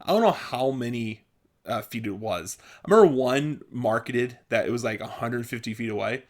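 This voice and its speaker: A young man rambling through childhood stories in a casual vlog, often laughing and jumping loud and high when he acts out what people said. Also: animated, moderate pace. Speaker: vlogger. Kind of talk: casual storytelling monologue.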